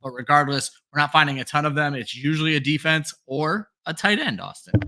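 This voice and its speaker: A man's voice: fairly high pitch, a little fast, pushed and bright. A man co-hosting a fantasy football show, talking in a friendly, casual way and turning to the audience now and then. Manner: friendly, addresses the audience as folks. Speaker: co-host.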